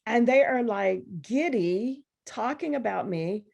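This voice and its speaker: A woman poet who is a guest at a university event, telling a story in a lively, conversational way and acting out other people's voices. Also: fairly high pitch, slow, gravelly.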